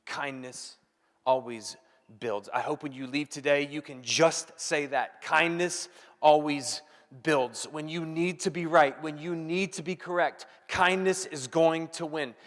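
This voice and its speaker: A man preaching a sermon as pastor, emphatic, repeating key phrases and dropping from loud to hushed. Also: fairly high pitch, fairly even intonation, normal speed, few pauses, in a large hall.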